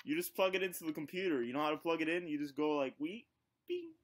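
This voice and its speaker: A man's voice: fairly high pitch, very fast, a little hiss or hum. A man pranking strangers on a video chat, playful and mock-menacing as he jokes with them. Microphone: computer mic on a video chat.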